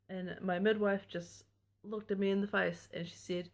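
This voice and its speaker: Young adult woman, casual vlog storytelling, frank and chatty, mid-pitched voice. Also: steady tone, moderate pace. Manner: candid and chatty, frank about intimate details. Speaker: vlogger telling her birth story. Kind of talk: casual personal storytelling to camera.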